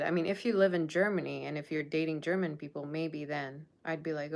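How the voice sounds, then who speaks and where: This tarot reader, a woman of Persian Russian heritage, speaks briskly in a low, gravelly voice with a steady tone and few pauses. Her casual monologue to viewers is blunt and sassy, chiding them over their standards.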